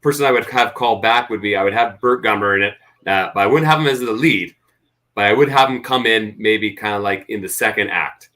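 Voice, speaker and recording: Bright-voiced man, rambling guest. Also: fairly low pitch, a little fast. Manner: rambling, hesitant, with many fillers and restarts. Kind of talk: casual chat.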